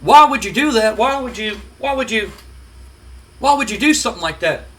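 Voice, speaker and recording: A man's voice: very high voice, animated, normal speed, sharp tone, voice pushed up, exaggerated voice. A man voicing a male wrestling interviewer who presses with insistent questions. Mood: prying.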